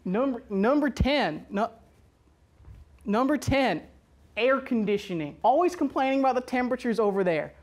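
A woman doing a loud, boastful Southern patriot for a comedy sketch, high-pitched and whooping. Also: expressive, normal speed. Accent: exaggerated American Southern.

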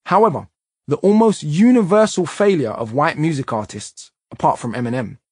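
A man reading a nonfiction audiobook in a measured, emphatic way. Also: fairly high pitch, slightly rough, no echo, studio quality. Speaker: audiobook narrator.

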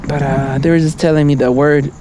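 Over a noisy background, a man with a slightly high voice talks fairly quickly in a steady tone. He vlogs on a city street at night, a rambling stream-of-thought monologue dotted with "right?", "you know?", and chuckles between thoughts.

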